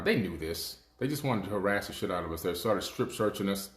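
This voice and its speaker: A man's voice: fairly low pitch, brisk, few pauses, reverberant. A man in his fifties, a show host, telling stories in a casual, conversational monologue. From United States. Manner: conversational storytelling, frequent restarts.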